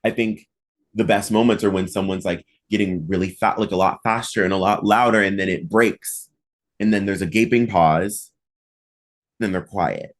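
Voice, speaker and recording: A man hosting a podcast in casual conversation, his voice sitting a little low. He talks in a loose, chatty way, filling his sentences with "like" and punching key words with animated emphasis. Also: normal speed. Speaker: podcast host and mock trial coach.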